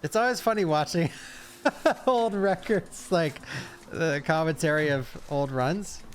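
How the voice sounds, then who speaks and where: A man's voice: fairly high pitch, soft background music. A young man streaming, chatting casually through a reaction to a speedrun with lots of fillers. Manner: chatty, fast asides, frequent fillers.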